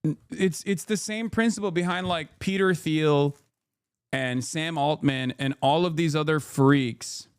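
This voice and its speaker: Streaming political reactions, a thirty-something man lets loose profane, incredulous, emphatic rants in a smooth, unhurried voice on the high side. The audio is studio-clean, with no echo.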